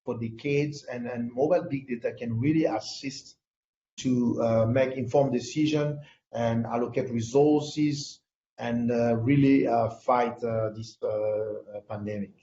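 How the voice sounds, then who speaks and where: A man's voice: medium pitch, fairly even intonation, unhurried, dark tone, echoey room, dull audio, slight background noise. A man with a French accent, a native French speaker, speaking on an online panel with many hesitations and restarts over a video call.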